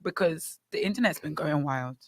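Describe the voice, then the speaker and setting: A Bahamian woman co-hosting a morning radio show, teasing and animated in casual chat. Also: deep voice, moderate pace, dry recording, clean studio sound. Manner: lively, teasing, animated storytelling. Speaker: radio co-host. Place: radio studio.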